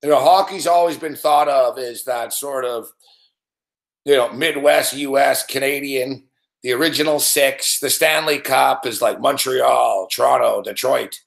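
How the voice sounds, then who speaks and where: A man's voice: medium pitch, a little slow, gravelly. Profane ranting man, echoey room. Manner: profane, ranting, yells at the game. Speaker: host. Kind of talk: live sports betting reaction stream.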